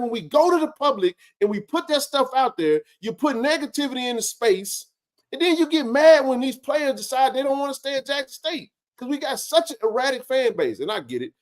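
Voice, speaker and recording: High pitched guy venting hard on a sports talk show, swearing a lot. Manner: impassioned, ranting, swears freely.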